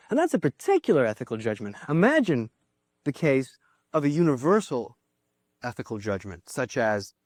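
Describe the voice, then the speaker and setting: A man's voice: medium pitch, big pitch swings, normal speed, a little mellow, no room sound, clean studio sound. A man giving a philosophy lecture to a class, thinking aloud with small restarts and asides.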